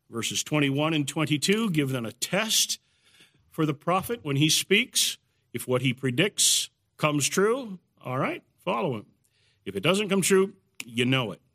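A man giving a measured, explanatory Bible study lecture in the evening. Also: mid-range voice, a bit bright. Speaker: Bible teacher.

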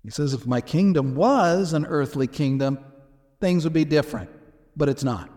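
A man's voice: fairly high pitch, animated, normal speed, warm tone, long reverb tail. A man teaching a lecture on a Bible passage, explaining it step by step and acting out the quoted exchanges.

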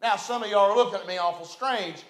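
A middle-aged pastor from West Virginia, USA, with a West Virginian accent, preaches a folksy, conversational storytelling sermon, repeating phrases as he goes. His voice is high, quick, and a bit bright, and the church sanctuary gives a roomy echo.

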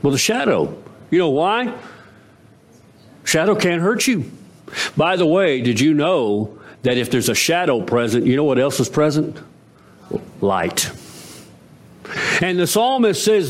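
A man's voice: on the high side, big pitch swings, unhurried, pauses often. A man preaching a sermon as pastor, with swooping emphasis that rises to emphatic peaks.

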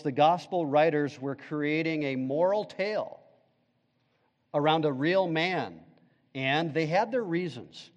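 Man, pastor, emphatic sermon, slightly high voice, long church reverb. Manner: emphatic preaching, asks the congregation questions.

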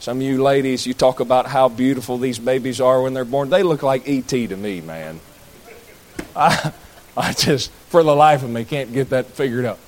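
A man's voice: medium pitch, normal speed, slight background noise. A man preaching a sermon, folksy, with jokey asides to the congregation. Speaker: pastor.

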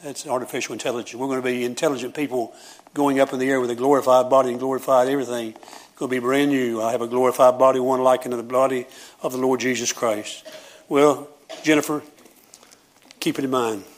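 A man preaching a sermon as pastor, with a Southern preacher cadence, rising at times into loud shouting praise. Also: fairly even intonation, fast talker. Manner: builds to high, shouting preaching.

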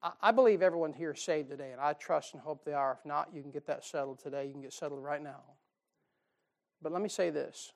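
Male pastor, middle-aged, sermon, folksy and joking, loud emphasis then quiet asides, church pulpit. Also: a little high, fairly quick. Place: church sanctuary.

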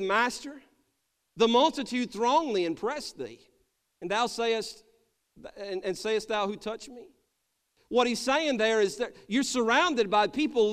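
Man, pastor, sermon, high voice, calls for amens, long church reverb. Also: a bit bright, clean tone. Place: church sanctuary.

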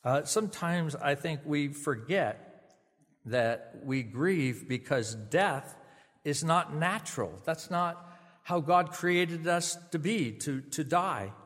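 A man giving a funeral sermon, speaking gently and conversationally with small restarts. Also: fairly high pitch, in a large hall. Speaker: pastor. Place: funeral service venue.

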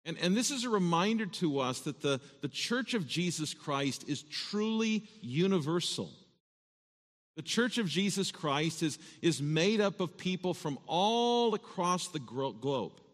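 A man's voice: on the high side, big pitch swings, measured pace. Man preaching in a reverberant church. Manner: earnest, emphatic, repeats words when stressing points. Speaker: pastor. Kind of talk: sermon with scripture reading. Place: church sanctuary. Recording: long reverb of a church hall.

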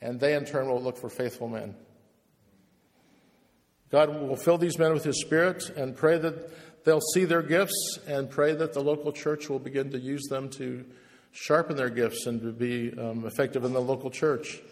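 A man's voice: mid-range voice, fairly even intonation, normal speed, in a large hall. A man preaching a passionate, emphatic sermon to a room of pastors, hammering points home by repeating words. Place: church, speaking to pastors in the room.

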